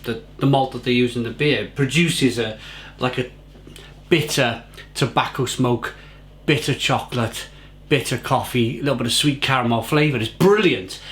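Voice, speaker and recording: A man's voice: mid-range voice, normal speed, a bit bright, slight background noise. A man reviewing a beer to camera, effusive and rambling, repeating words for emphasis.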